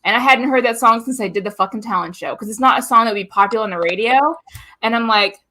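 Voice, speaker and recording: A woman's voice: a little high, fast talker, bright, forceful tone. A woman hosting a casual chat, blunt and swearing freely, and reading out viewer comments. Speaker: host.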